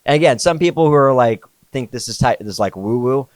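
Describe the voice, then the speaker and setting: A man appearing as a podcast guest tells a story in laid-back, slangy conversation, saying "like" and "dude" a lot. His mid-range voice has lively intonation and a quick pace, with no room sound.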